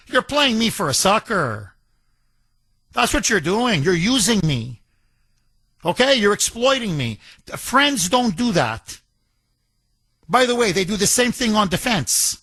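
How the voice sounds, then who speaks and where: A male talk radio host in an emphatic political monologue. His voice sits high and swings widely in pitch. The sound is close and dry, with no room around it. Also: big pitch swings, measured pace, pushed and bright, no room sound. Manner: emphatic, repetitive, rhetorical questions.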